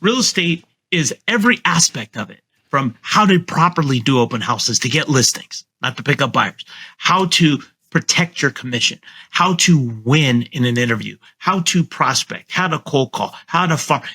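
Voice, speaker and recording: A middle-aged man, a guest real estate agent, talking casually in a podcast interview and confidently coaching how he pitches to sellers. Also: expressive, moderate pace, bright, forceful tone, slightly rough. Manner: confident, coaching tone, acts out his sales pitch.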